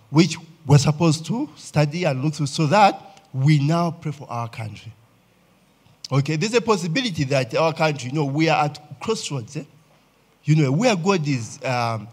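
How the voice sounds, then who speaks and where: A man's voice: fairly high pitch, big pitch swings, normal speed, breathy edge. A Ugandan man preaching a sermon as pastor, talking conversationally and often checking in with the congregation with "eh?" and "okay?".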